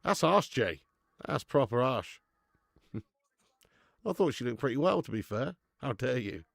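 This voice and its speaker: Male streamer, gravelly and dry-sounding; laddish live chat host who reads out viewers' names. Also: medium pitch, very animated, unhurried, dry recording. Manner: chatty and laddish, reading out viewer names, laughs often. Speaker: watch-along host.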